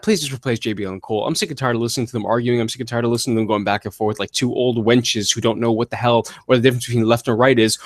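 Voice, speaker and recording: A man's voice: medium pitch, dry recording. Guy ranting on his own podcast, sarcastic, dry close mic, mid voice. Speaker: podcast host. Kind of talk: solo wrestling commentary podcast.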